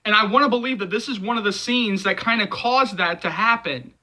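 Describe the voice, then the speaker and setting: A man's voice: high voice, a little fast, pushed and bright, low-quality recording. A man hosting a movie channel, talking passionately in casual video commentary, with lots of fillers and repetition.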